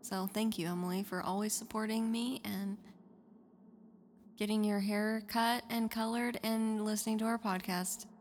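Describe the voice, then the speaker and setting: A woman's voice: mid-range voice, steady tone, moderate pace, darkish tone. A woman co-hosting a paranormal podcast, chatty and casual, with many fillers. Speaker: podcast co-host. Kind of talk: casual chat.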